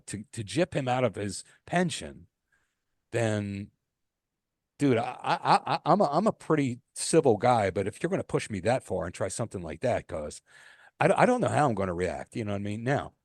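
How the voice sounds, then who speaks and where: A man's voice: mid-range voice, darkish tone, dry recording, clean studio sound. A man co-hosting a casual podcast, telling a rambling story full of restarts and fillers, swearing casually. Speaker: podcast co-host.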